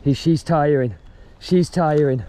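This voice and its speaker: A man, out of breath and excitable, giving vlog commentary while fishing outdoors by a river. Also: a little high, a little slow. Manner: excitable, breathless, swearing mildly. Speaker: fishing vlogger. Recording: outdoor vlog with loud water noise.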